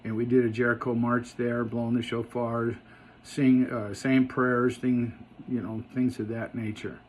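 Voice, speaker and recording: A man giving a casual spoken update, halting with many fillers and restarts and turning emphatic at times. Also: mid-range voice, level tone, a little mellow, a little hiss or hum.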